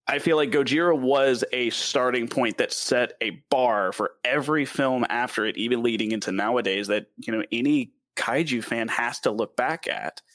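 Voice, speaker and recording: Animated Southern-accented man, dry sound. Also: medium pitch, dry recording. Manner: animated, laughs often, stumbles over names. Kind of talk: casual film review chat.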